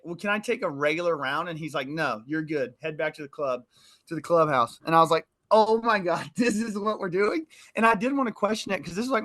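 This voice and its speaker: A young man co-hosting a podcast, telling lively stories and mimicking his old coaches. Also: on the high side. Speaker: podcast co-host. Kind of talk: casual chat.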